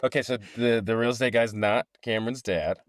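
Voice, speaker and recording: A man's voice: medium pitch, fairly quick, no room sound, clean studio sound. A man co-hosting a book podcast, joking about himself and laughing often. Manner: self-deprecating, laughs a lot. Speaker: podcast co-host. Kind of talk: casual book discussion.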